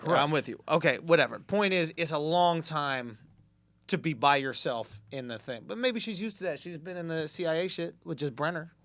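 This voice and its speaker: A man's voice: on the high side, expressive, moderate pace, fairly bright tone, no echo. A man hosting a casual podcast chat, brash and jokey with plenty of swearing. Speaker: podcast host.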